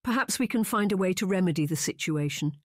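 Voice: mid-range voice, animated, quick pace, no room sound, clean studio sound, pitched above the performer's own voice, close to an everyday voice. A narrator voicing Miss Lily, an anxious but well-meaning female friend, in an earnest, coaxing audiobook reading.

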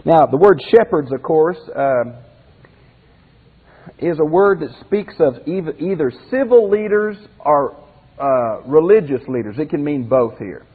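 A man's voice: fairly high pitch, lively intonation, unhurried, husky. A man, a pastor, teaching a Bible class in a conversational way, asking the group questions and restarting phrases as he goes. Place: classroom or church hall with a group. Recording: phone-like lo-fi audio in a reverberant hall.

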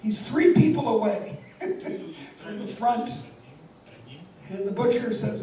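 Older woman lecturing, slow and wry, really echoey hall, mic far off. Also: mid-range voice, animated, mellow. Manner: wry, storytelling, emphatic. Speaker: guest lecturer. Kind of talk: public lecture.

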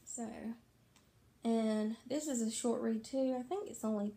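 A woman's voice: a little high, unhurried, mellow. A tired woman chatting casually about her reading to her viewers, rambling and correcting herself as she goes. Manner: rambling, self-correcting, filler-heavy. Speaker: book vlogger. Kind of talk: casual book chat to camera.

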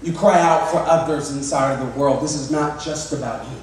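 Man, pastor, sermon, slightly high voice, very echoey hall, distant mic. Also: brisk. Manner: repeats words, restarts often, animated.

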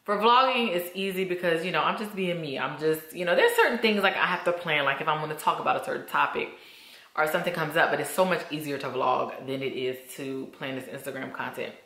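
Chatty woman vlogger, bright echoey room. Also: deep voice, fast. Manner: chatty, candid, says y'all a lot. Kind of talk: casual vlog chat to camera. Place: at home.

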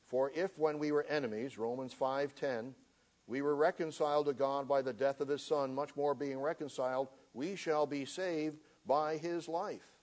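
A man's voice: on the high side, fairly even intonation, normal speed, darkish tone. Earnest man preaching a sermon. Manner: earnest, reads scripture aloud with emphasis. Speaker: minister.

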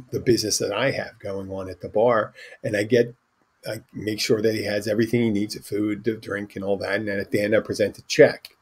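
Man, podcast host, husky, lowish voice, rambling anecdotes, casual storytelling. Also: a little mellow. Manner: rambling anecdotal delivery with restarts and asides.

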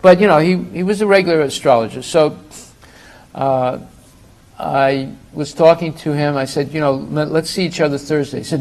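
A middle-aged man giving a spiritual class in a lively storytelling manner. His voice sits a bit high for a man, and he acts out both sides of each conversation. He builds up to emphatic, scornful punchlines. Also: brisk, low-quality recording. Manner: storytelling, acts out dialogue, rising to emphatic outbursts. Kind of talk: sermon with humorous anecdotes.

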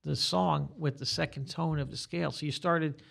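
An older man, a guitar teacher, talking in a relaxed podcast chat and rambling through examples as he explains. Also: on the high side, moderate pace, creaky. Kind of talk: casual podcast conversation.

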